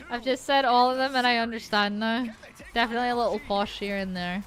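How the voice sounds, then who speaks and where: A woman's voice: on the high side, fairly even intonation, fast talker, fairly bright tone. A woman with a Polish accent chatting casually on a gaming stream, swearing now and then and restarting her sentences often. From Poland.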